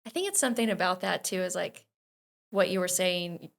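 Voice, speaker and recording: A woman hosting a podcast interview, talking in a relaxed, friendly way with many fillers. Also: lowish voice, fairly quick, vocal fry. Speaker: podcast host, magazine editor.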